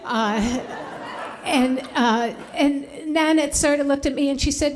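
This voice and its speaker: A woman's voice: high-pitched, a little slow. A woman in her fifties telling a personal story to a live library audience, chatty and full of fillers and restarts. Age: 50s. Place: library event before an audience.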